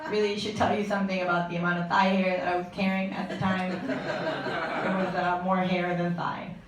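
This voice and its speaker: Young female stand-up, deadpan delivery, mic'd at a distance in a reverberant room with audible room noise. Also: lowish voice, moderate pace. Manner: deadpan jokes with frequent laughs. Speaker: stand-up comedian. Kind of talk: stand-up set. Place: comedy stage with live audience. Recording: echoey live room from far off.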